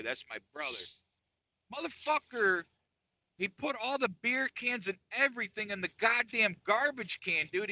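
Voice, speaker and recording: A man in his forties hosting a podcast, telling a story in a casual, profane, animated way, saying "dude" constantly. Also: high voice, dry recording. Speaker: podcast host. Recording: dull lo-fi dry recording.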